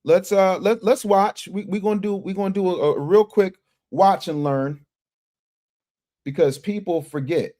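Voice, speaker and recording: A man hosting a casual livestream, reading viewer chats and commenting in an animated, emphatic way that repeats phrases and restarts often. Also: high voice, measured pace. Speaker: livestream news commentary host.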